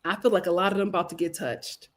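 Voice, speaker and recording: A young woman hosting a live recap stream, chatting casually, reading viewer comments, laughing often and swinging between loud outbursts and murmured asides. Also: fairly low pitch, fairly even intonation, fast talker. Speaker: live recap show host.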